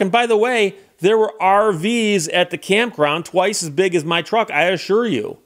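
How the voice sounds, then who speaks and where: A man from the Detroit area, hosting his own channel, tells a casual anecdote with animated delivery and acts out the dialogue. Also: high-pitched, measured pace, few pauses. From Detroit area, Michigan. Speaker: channel host.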